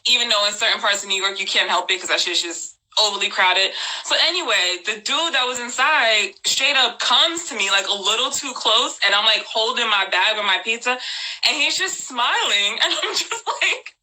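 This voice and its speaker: A woman from New Jersey hosting a live stream, telling a story in a casual, animated way, laughing often and talking in slang. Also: on the high side, moderate pace, rough recording. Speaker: host.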